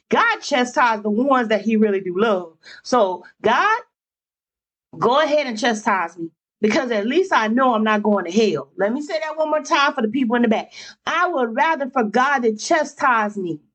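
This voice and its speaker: Fervent high-voiced woman preaching. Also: slightly rough, rough recording. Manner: fervent, exclamatory, repeats phrases for emphasis. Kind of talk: sermon.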